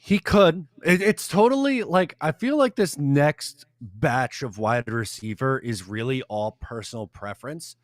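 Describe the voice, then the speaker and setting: A man's voice: mid-range voice, expressive, unhurried, hardly any pauses, dry recording. Hedging man talking football, dry sound. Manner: thinking aloud, hedging with fillers. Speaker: co-host. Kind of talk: casual sports talk.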